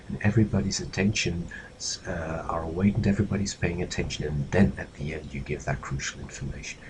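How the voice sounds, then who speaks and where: A man's voice: low voice, animated, a little fast, darkish tone, slight background noise, rough recording. A man with a Belgian Dutch-speaking accent, a native Dutch speaker, giving a recorded lecture on presentation skills and acting out example phrases as he explains.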